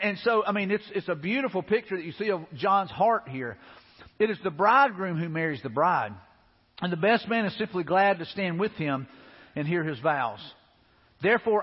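A man's voice: high voice, husky, long reverb tail, lo-fi sound. A man preaching a sermon as a pastor, talking to the congregation in a loose, conversational way with repeated asides. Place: church sanctuary.

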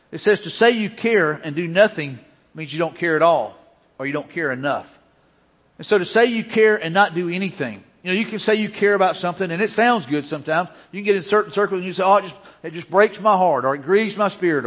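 High-voiced preacher in an echoing hall. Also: male voice. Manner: earnest preaching with repeated phrases. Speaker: pastor. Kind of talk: sermon. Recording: dull lo-fi sound with long hall reverb.

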